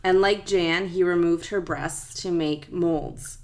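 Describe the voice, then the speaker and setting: A woman with a fairly low voice hosts a true crime podcast. She walks through the details of a case in a steady, measured read from her notes, speaking into a podcast mic. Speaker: podcast co-host.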